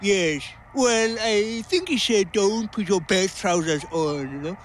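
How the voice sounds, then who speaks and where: A man's voice: sits high, animated, slow pace, slight background noise, poor audio. A man impersonating an elderly archbishop in his late seventies, cheeky and stubborn as he bickers with an old friend.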